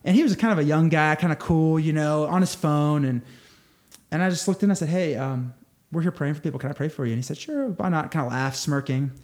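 Fast-talking high-voiced man. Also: a little mellow. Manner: eager, halting, many restarts. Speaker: missionary guest. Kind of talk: interview storytelling.

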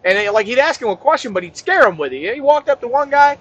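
Male comic, high lively voice, rambling and profane. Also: fast. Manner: rambling, profane, deadpan asides. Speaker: comedian. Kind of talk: comic rant.

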